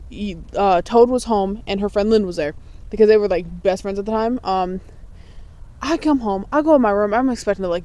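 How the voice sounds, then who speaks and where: A woman's voice: mid-range voice, a little mellow. A young woman co-hosting a podcast, telling blunt, profane stories in casual chat and laughing through them. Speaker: podcast co-host.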